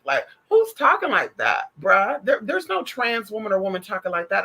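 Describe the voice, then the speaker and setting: A woman's voice: mid-range voice, sing-song, fairly quick, hardly any pauses, pushed and bright, slightly rough, rough recording. A trans woman delivering a casual opinion monologue to her viewers, sassy and emphatic, with heavy profanity and pet names like honey and girl. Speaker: vlogger.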